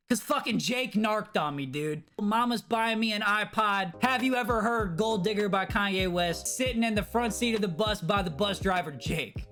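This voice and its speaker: A young man vlogging, telling a story in an animated, profane way. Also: high-pitched, normal speed, few pauses. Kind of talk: storytime vlog.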